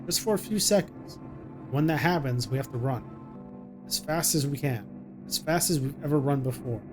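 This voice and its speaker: A man voicing a frightened young mother who talks to her little son in a hushed, soothing way, reading game dialogue aloud. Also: medium pitch, moderate pace, music in the background, natural voice. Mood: hushed, coaxing. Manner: hushed and soothing, coaxing a child.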